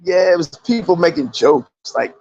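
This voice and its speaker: A man and actor, a guest in an interview, telling animated stories and acting out the voices of people he quotes. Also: fairly high pitch, moderate pace, no room sound, dull audio. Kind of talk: casual interview storytelling.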